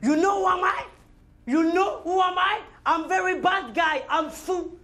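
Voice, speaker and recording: An actor playing a boastful, jittery French prisoner who stammers in broken English mixed with French, with a French accent. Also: male voice, high-pitched, sing-song, unhurried, fairly bright tone, exaggerated voice. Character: boastful French inmate, jittery and comically tough. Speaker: actor in film scene. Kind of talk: film comedy acting.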